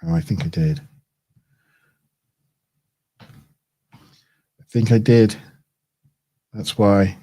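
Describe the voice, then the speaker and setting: A man's voice: fairly low pitch, very slow, pauses often, mellow. A man chatting casually on a livestream as he builds a model kit, thinking aloud, chuckling and correcting himself as he goes. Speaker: streamer.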